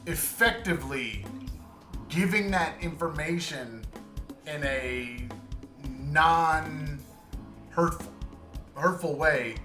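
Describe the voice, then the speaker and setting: A man's voice: on the high side, drawn-out words, pauses often, echoey room, over music. A man co-hosting a podcast, talking casually and earnestly, often restarting while he searches for the right words. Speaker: podcast co-host. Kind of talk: casual chat.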